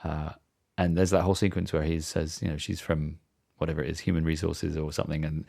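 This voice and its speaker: A man's voice: rumbling low, little pitch movement, quick pace, creaky, darkish tone. A man co-hosting a podcast in casual chat, retelling film scenes in a reflective, hesitant way. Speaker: podcast co-host.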